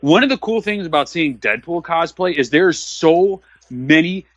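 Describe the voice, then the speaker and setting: A man's voice: on the high side, expressive, moderate pace, a bit bright, dry recording. A man co-hosting a casual movie-watching commentary show, talking bluntly and profanely with a lot of fillers. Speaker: podcast co-host. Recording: dull, muffled recording.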